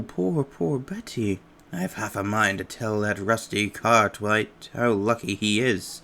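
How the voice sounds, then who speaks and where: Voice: medium pitch, a bit bright, slight background noise. Someone putting on a gossiping old neighbor woman. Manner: gossipy, fussing, sympathetic.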